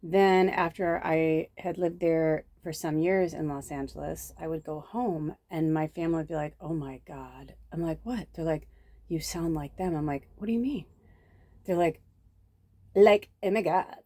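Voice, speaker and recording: A woman with a low, dark, steady voice reads cards at a moderate pace, a chatty tarot reader and medium from Chicago's south suburbs. Her spiritual reading wanders off track and dips into whispers, and the recording is dry.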